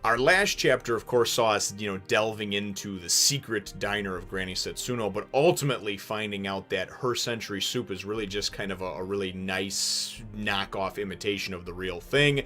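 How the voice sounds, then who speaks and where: Rambling low-voiced man reviewing a manga. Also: normal speed, few pauses, soft background music. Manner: rambling, lots of fillers and restarts, animated bursts. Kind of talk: casual chapter review.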